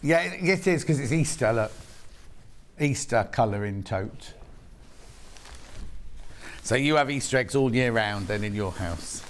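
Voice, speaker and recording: A man's voice: medium pitch, expressive, measured pace, long pauses. A man with a British accent presenting on a live shopping channel, chatty and rambling with self-mocking asides, in a TV studio.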